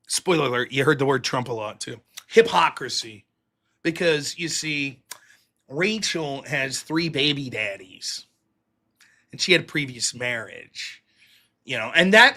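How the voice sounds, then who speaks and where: A man's voice: on the high side, animated, measured pace, sharp tone. A man hosting a live stream, ranting in a heated, profane, sarcastic way and mocking others in put-on voices. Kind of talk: ranting commentary.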